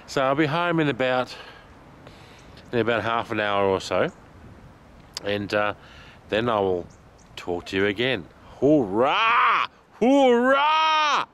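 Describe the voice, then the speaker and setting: A man vlogging outdoors while walking, out of breath, excited and chatty, laughing often. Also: mid-range voice. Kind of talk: casual vlog while walking. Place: outdoors in a park.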